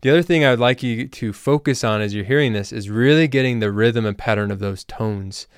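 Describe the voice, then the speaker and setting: A man hosting a language-learning podcast, explaining things in a relaxed, casual way with loose fillers. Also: medium pitch, fairly quick, clean tone, no room sound, studio quality. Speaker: language teacher and podcast host. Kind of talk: casual spoken lesson.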